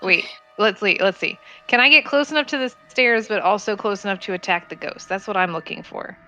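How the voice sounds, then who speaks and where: A woman's voice: medium pitch, fairly quick, sharp tone, soft background music, poor audio. A woman playing a tabletop game, chatting casually and thinking aloud about her moves. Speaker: player.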